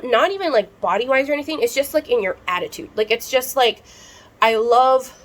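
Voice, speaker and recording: A woman's voice: on the high side, animated, a little fast. A young woman vlogger ranting heatedly to her camera, swearing often and rambling with lots of fillers and restarts. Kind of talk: unscripted rant to camera.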